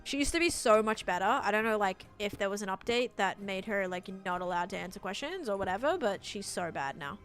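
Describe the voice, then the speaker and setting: A woman's voice: animated, fairly quick, few pauses, fairly bright tone, faint music behind. A young woman chatting casually on a live game stream, reading chat aloud and talking as she builds. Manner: chatty, reads chat aloud, mimics a voice assistant in a higher voice. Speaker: livestream gamer.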